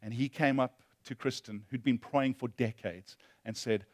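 A male pastor preaching a sermon, impassioned, moving between loud emphasis and hushed storytelling. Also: medium pitch, fairly even intonation, moderate pace, hardly any pauses, no echo, studio quality.

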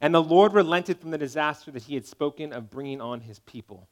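A man delivering a sermon in a fairly high voice. He preaches in a conversational, emphatic way and keeps checking in with his listeners. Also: brisk, a little mellow. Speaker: pastor.

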